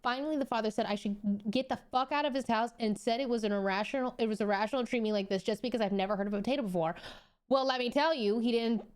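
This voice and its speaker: Lively, incredulous streamer woman. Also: fairly high pitch, rapid-fire, hardly any pauses, clean tone. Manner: animated and incredulous, swearing freely, laughing often. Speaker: streamer reading a story aloud. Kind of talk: casual live-stream reaction.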